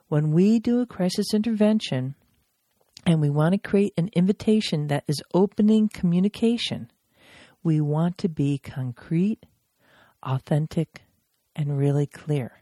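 Woman trainer, emphatic instructional podcast delivery, slightly low, mellow voice. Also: a little slow, no echo, studio quality. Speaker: crisis intervention trainer.

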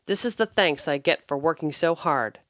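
A woman's voice: sits low, lively intonation, normal speed, no room sound, studio quality. A woman reading as an upset mother of three. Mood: angry. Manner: cries out, then turns soft and regretful.

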